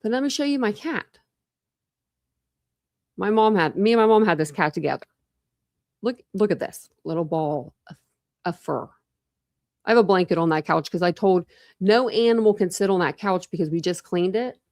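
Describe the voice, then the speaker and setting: In a dry, clean studio-quality recording, a woman in her forties with a fairly low, darkish voice talks at normal speed with long pauses. She's a true crime YouTuber chatting casually and ramblingly on a live stream at home, in a room with a couch and cat, using lots of "like" fillers.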